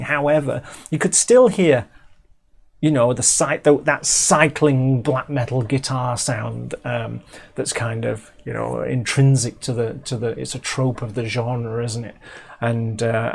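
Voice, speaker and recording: There's vocal fry and a slightly mellow quality to this medium-pitched voice, belonging to a middle-aged English man casually talking through a music video. His speech is full of restarts, self-interruptions, and filler ums.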